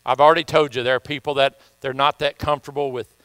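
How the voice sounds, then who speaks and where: A man's voice: mid-range voice, little pitch movement, fast, a bit bright, clear, resonant tone, dry recording. A man preaching a sermon in church, telling folksy stories and reading scripture with emphasis. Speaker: pastor. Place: church sanctuary.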